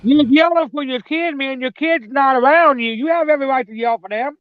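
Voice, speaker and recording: A woman's voice: high voice, brisk, no echo, narrow, tinny audio. A mother chatting casually about her children, rambling, swearing freely and often tossing in "man". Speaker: mother telling personal stories. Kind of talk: casual storytelling chat.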